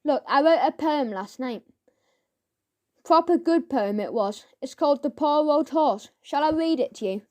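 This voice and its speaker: A woman's voice: sits high, animated, measured pace, a little mellow. Woman voicing a slangy, eager London lad. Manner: slangy, eager, runs words together. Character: cheeky working-class London boy.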